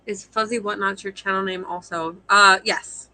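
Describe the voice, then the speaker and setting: A woman's voice: mid-range voice, steady tone, moderate pace, sharp tone, rough recording. A young woman, a fiber artist guest, chatting casually on a live video call, rambling and self-deprecating with frequent laughs.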